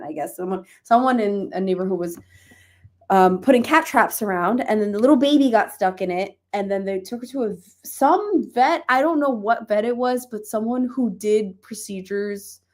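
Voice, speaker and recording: A woman chats casually on a relaxed reading livestream. She laughs often and drops into soft baby talk for her cat. Her voice sits at an ordinary middle pitch. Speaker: livestream host. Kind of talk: casual chat.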